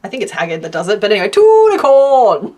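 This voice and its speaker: A woman chatting casually to her stream from home while she crochets, laughing often and counting stitches out loud. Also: on the low side, steady tone, very fast. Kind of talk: casual livestream chat.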